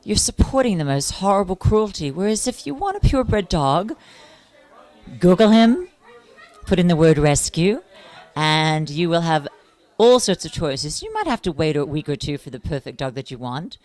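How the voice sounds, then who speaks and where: A woman's voice: low voice, sing-song, normal speed, darkish tone. A woman activist and interviewer, talking earnestly and at length in a casual on-camera chat. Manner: earnest and talkative, with fillers and restarts. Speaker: interviewer and animal welfare activist.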